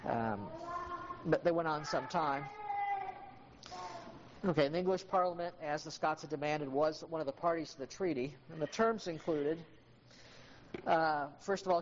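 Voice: mid-range voice, moderate pace, lo-fi sound, a little hiss or hum. A history teacher giving an informal classroom lecture, with frequent ums and uhs and asides to students by name.

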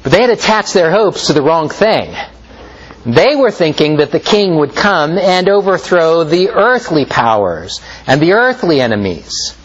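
A man preaching a sermon in a slow, measured way, rising and falling as he stresses points. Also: dull audio, a little hiss or hum. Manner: slow, measured preaching with lively pitch swings.

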